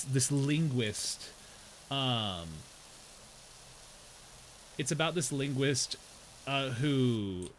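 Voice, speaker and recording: A man's voice: on the high side, bright, forceful tone, slight background noise, poor audio. A man streaming a game, chatting casually and explaining things in a rambling way. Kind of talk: casual chat while gaming.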